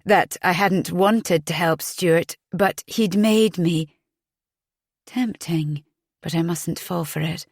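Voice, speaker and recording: A young woman narrating a thriller audiobook in the first person, tense and inward. She reads very slowly in a low voice, and the sound is close and dry with no room echo. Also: breathy edge. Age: young adult.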